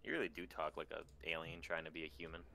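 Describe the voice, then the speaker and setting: A man streaming a video game with a friend, talking quickly in casual, teasing chat and swearing freely. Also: extremely low pitch, fairly even intonation, gravelly, bright, forceful tone. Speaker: streamer playing a game with a guest.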